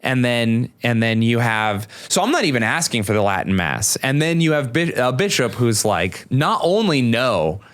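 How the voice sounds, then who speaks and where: Male comic in casual talk; animated, wide pitch swings. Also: moderate pace, hardly any pauses, clean tone. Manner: animated, jumps high in pitch when mimicking people. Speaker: guest, stand-up comic. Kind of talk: casual podcast conversation.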